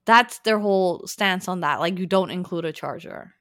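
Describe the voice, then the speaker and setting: A woman hosting a casual podcast, animated and talking straight to her listeners about the news. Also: lowish voice, normal speed, dry recording, studio quality. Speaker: podcast host presenting news. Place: lives in New York.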